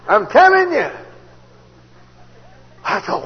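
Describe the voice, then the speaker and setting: A man telling his conversion story as a sermon, folksy and storytelling, jumping from loud outbursts to hushed asides. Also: medium pitch, animated, moderate pace, long pauses. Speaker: preacher giving testimony. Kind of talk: testimony sermon. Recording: dull old tape recording in a large hall, faint hiss.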